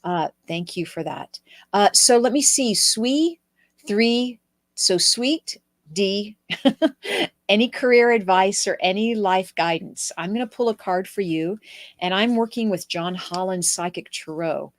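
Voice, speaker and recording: A chatty woman hosts a live card reading, filling pauses with little laughs and fillers. Her voice sits at an ordinary middle pitch. The sound is dry and close, with no room echo. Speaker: host reading cards for viewers.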